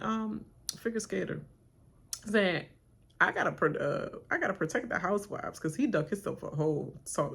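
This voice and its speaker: Animated woman ranting, husky and gravelly. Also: on the low side. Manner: animated retelling, acting out cast members' voices with laughter. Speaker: reaction channel host. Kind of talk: live-watch reality TV rant.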